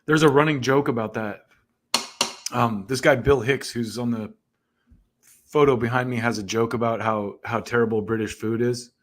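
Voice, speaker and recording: A man's voice: medium pitch, fairly even intonation, moderate pace, a little hiss or hum. A man hosting a live online music talk show, chatting casually in a laid-back, joking way that tends to ramble. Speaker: podcast host. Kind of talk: casual live-stream chat.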